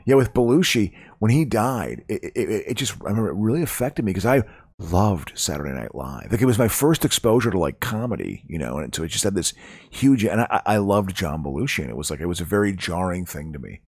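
A man's voice: low voice, sing-song, fairly quick, husky, dry recording. A comedian co-hosting a casual podcast, a man who rambles with stammering restarts. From not from Chicago.

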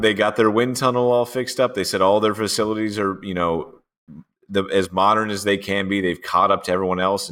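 A man's voice: low-pitched, bright, forceful tone. A man co-hosting a casual sports podcast, joking and blunt. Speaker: podcast co-host.

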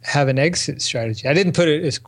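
A man's voice: a little high, fast talker, slightly rough. A man speaking as a guest in a casual interview, reflective and stop-start. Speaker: podcast guest, life coach.

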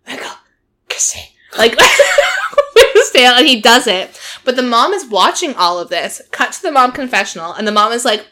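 Podcast host, woman, bright and clear tone, animated storyteller who laughs easily and fills with "like". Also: fairly high pitch, fairly quick. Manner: animated storytelling, laughs often, many "like" fillers. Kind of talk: casual chat recapping a reality show.

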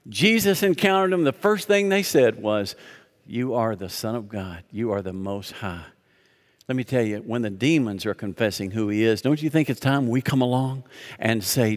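Emphatic male pastor in a reverberant hall. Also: medium pitch. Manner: emphatic, rhetorical questions, dramatic slowdowns. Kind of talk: sermon.

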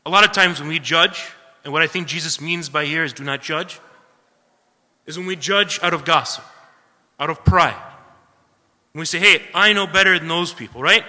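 A man preaches with a high, sharply bright voice that rings through a long hall reverb. He talks earnestly, circling back to his points and tossing in quick checks with the listeners. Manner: earnest, repeats points, tag questions. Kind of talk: sermon.

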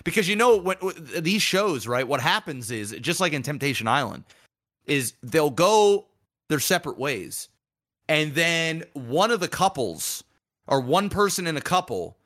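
A man co-hosting a casual podcast, telling stories with animated swings and profane acted-out quotes. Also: measured pace. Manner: animated storytelling, acting out quoted people in bursts of pitch, profane. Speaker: podcast co-host.

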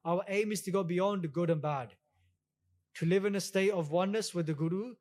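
A man giving a storytelling sermon on scripture, relaxed and conversational, acting out quotes and mixing in Punjabi words. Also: high voice, fairly quick. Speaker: religious teacher giving katha.

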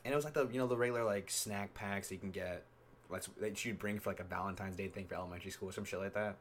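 A man's voice: lowish voice, steady tone, very fast. A young man hosting a podcast, telling stories in a laid-back, slangy way and laughing often. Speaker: podcast host. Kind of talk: casual chat.

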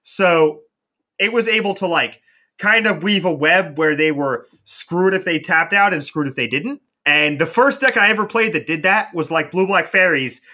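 Guy chatting about card game strategy, fairly high bright voice, says like a lot. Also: normal speed. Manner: chatty, heavy use of "like". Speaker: competitive card game player. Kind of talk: casual podcast chat.

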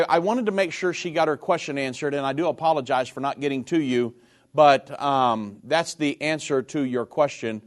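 A man hosting a call-in radio show, explaining points slowly and repeating them. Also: fairly high pitch.

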